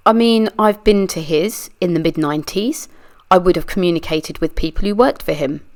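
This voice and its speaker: A woman's voice: fairly low pitch, normal speed, a little mellow, natural voice. A woman reading a deposition aloud, voicing a guarded woman witness who gives short, evasive answers. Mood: terse, guarded. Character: guarded adult woman witness under questioning. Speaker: true crime channel reader. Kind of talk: read-aloud deposition reenactment.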